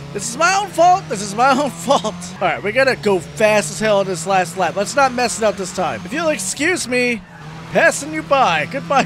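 Excitable gamer man, very high voice, lively swings, yelps and curses, self-deprecating jokes, game music behind. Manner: excitable, yelping and cursing at the game. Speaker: gaming video host. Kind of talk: let's play commentary.

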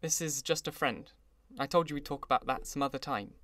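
A man's voice: mid-range voice, brisk, a bit bright, no room sound, natural voice. A man voicing a charming young wealthy man who speaks in an earnest, reassuring tone.

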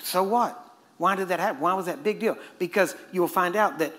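A middle-aged preacher from Texas, delivering a sermon in a fast, joking, conversational way. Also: male voice, sits high, pushed and bright. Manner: fast-talking and joking with the audience.

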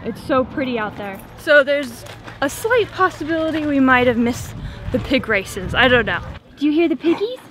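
An excited woman chats to her children at an outdoor fair, full of exclamations. Her voice is high and swoops widely. The noise of the fair and its animals comes through clearly behind her. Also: normal speed. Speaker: vlogging mom. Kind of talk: casual vlog chat.

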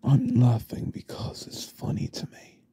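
A man doing a gravelly whispering goth stalker. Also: mid-range voice, slow pace, full character voice. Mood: creepy calm. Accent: British. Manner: creepy, falsely innocent, soft denials. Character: obsessive young goth male stalker. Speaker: ASMR role-play performer. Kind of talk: whispered role-play.

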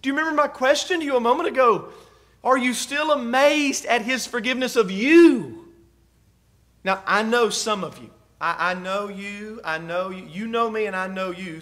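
High-voiced preaching pastor, soft to loud. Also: male voice. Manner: preacher's rhetorical questions, swings from soft to loud. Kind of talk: sermon.

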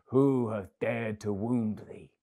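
A man voicing a huge, lonely, kind-hearted old male giant in a children's storybook reading, speaking in booming, old-fashioned tones. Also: moderate pace, fairly bright tone, lightly acted. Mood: wrathful.

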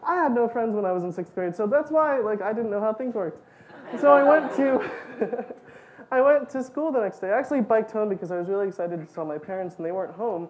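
A woman speaking at a student gathering, spinning a personal story with animated, self-mocking energy. Her voice sits at an ordinary middle pitch, and she peppers her talk with "like" and bursts of laughter. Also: fast, slight background noise, rough recording.

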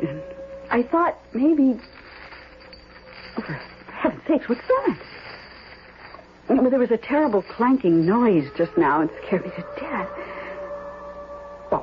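An actress playing a lonely, nervous widow in a 1970s radio drama, fluttery and easily startled. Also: female voice, mid-range voice, slight background noise. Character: lonely widow, middle-aged, nervous and chatty. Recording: tinny lo-fi radio recording with music.

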